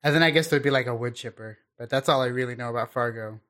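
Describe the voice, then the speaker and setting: A man co-hosting a podcast in casual chat, rambling and laid-back, often trailing off quietly. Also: mid-range voice, fast. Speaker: podcast co-host.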